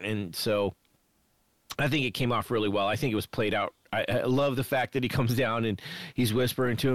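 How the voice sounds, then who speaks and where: A man's voice: mid-range voice, no echo. Enthusiastic man chatting about a movie. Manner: enthusiastic, quick to laugh, restarts often. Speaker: podcast co-host. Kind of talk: casual movie discussion.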